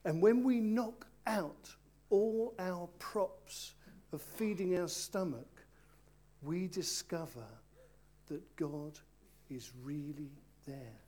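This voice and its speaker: A man's voice: high voice, takes it slowly, mellow. A man leads a children's talk during a church service. He speaks playfully and coaxes the young volunteers at the front. He addresses the congregation around him as he preaches. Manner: playful, coaxing, talks directly to volunteers.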